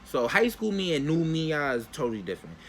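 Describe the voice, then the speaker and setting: A man's voice: on the high side, fast talker, slight background noise. A young man telling viewers a story in a casual, slangy storytime vlog, talking straight to them. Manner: animated, talks straight to viewers. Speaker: vlogger.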